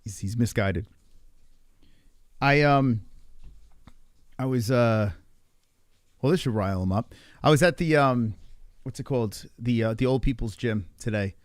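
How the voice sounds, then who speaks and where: A man's voice: mid-range voice, unhurried, long pauses, no room sound, clean studio sound. A man streaming a rambling, profane monologue with an exasperated manner. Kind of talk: ranting casual monologue.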